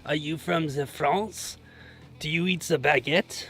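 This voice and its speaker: A man putting on an exaggerated fake French accent, asking slow, mocking questions. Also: a little high, fairly bright tone, faint music behind. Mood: teasing.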